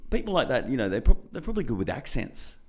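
A man's voice: mid-range voice, wildly swooping pitch, quick pace. A man hosting a podcast, loose and giggly, swearing casually. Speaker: podcast host. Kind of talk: casual interview chat.

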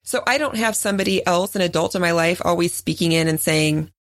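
A woman in her forties tells a personal story on a chat podcast. She talks in an easy, animated way and leaps much higher when she acts out what others said. Her voice is recorded close and dry, with no room sound. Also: brisk, no room sound. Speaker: podcast co-host. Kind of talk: casual chat.

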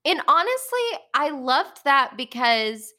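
A woman's voice: high-pitched, big pitch swings, slow, pushed and bright. A woman co-hosting a podcast, chatting casually about a book and retelling scenes with quoted asides. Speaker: podcast co-host.

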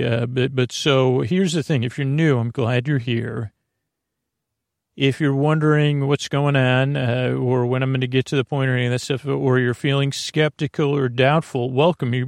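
A man hosting a sleep podcast in a creaky, dulcet voice, meandering and repeating himself with lots of fillers. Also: mid-range voice, dry recording, studio quality. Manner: meandering, repetitive, soft-spoken, with many fillers and restarts. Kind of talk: rambling bedtime podcast intro.

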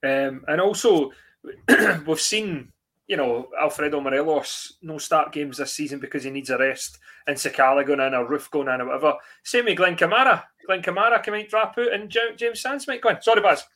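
A man hosting a casual football podcast, laughing often and talking in quick bursts. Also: on the high side, bright, forceful tone. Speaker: podcast host.

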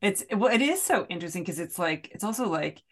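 A middle-aged American woman, an author, chatting as a podcast guest with self-deprecating humour, frequent laughs and halting restarts. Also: fairly low pitch, lively intonation, a bit bright. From United States. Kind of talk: casual interview chat.

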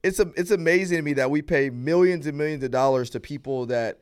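A man's voice: on the high side, fast talker, clear, resonant tone. A man who is a police officer, a guest on a podcast, explaining his views earnestly with frequent restarts. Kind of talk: casual interview chat.

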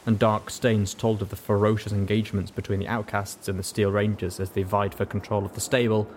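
A man reads a story aloud in a measured, dramatic way. His voice is a little low. A faint hiss and soft rain sit under the narration. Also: flat delivery. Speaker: audiobook narrator. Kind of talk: scripted narration.

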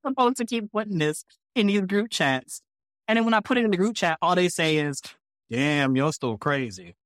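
A man who is a podcast guest, telling stories in a casual, animated way, acting out other people's lines and laughing as he goes. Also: high-pitched, brisk, no room sound, clean studio sound. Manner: animated, acts out quotes in shifting voices. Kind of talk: casual storytelling.

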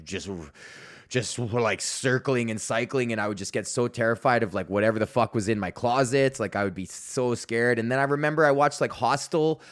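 A man's voice: mid-range voice, fairly bright tone. A man in his thirties from Canada hosting a podcast, talking in a rambling, profane casual monologue with laughing asides. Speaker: podcast host.

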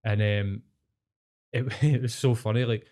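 A Scottish man, a podcast co-host, telling a story in casual chat, swearing freely and getting animated. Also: lowish voice, unhurried.

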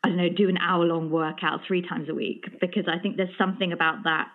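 A woman podcast host with a slightly low voice talks in an attentive, reflective way. Her voice comes through a tinny, phone-like line. She draws out and builds on her guest's points. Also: flat delivery, fairly quick. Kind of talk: podcast interview.

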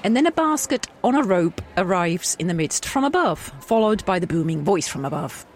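A man's voice: high voice, very animated, moderate pace, hardly any pauses. A man narrating an improvised comic story, playful and often laughing.

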